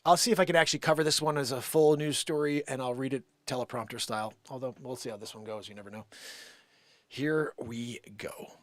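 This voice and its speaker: Hosting a live comedy stream, a man reads a news story in a playful mock radio-announcer style, laughing along as he goes. His mid-range voice holds a steady tone, moving fast with few pauses. There's no echo, and he's a live music and comedy show host.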